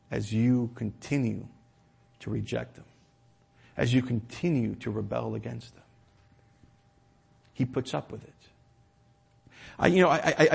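A man preaching a sermon in a church, stumbling and repeating words as he drives his points home, then dropping to a quiet tone. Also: medium pitch, creaky, slightly rough. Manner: impassioned, repeats words, swings from loud emphasis to quiet.

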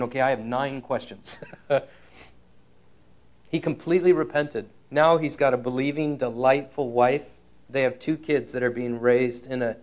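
A man's medium-pitched, slightly mellow voice carries a sermon built around a personal story. He is earnest and frank, drawing out the key lines to stress them.

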